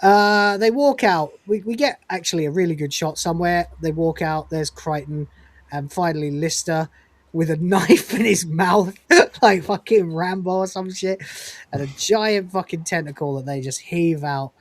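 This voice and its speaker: A man's voice: high voice, normal speed, dry recording. A man hosting a podcast who recaps a TV episode in casual chat, swearing freely and laughing as he retells scenes. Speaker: podcast host reviewing a TV episode.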